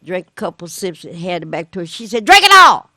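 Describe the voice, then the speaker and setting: A woman co-hosting a community talk show, telling stories in a casual, animated way and acting out the voices of the people in them. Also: on the low side, quick pace, slightly rough, no room sound, clean studio sound. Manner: animated storyteller, acts out voices. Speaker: community radio co-host. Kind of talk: casual storytelling chat.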